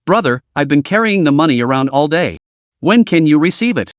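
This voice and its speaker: A man's voice: a little high, lively intonation, a little fast, no room sound, clean studio sound, natural voice. A man voicing a weary, resigned middle-aged father in a story recap, speaking in a wry, pleading way.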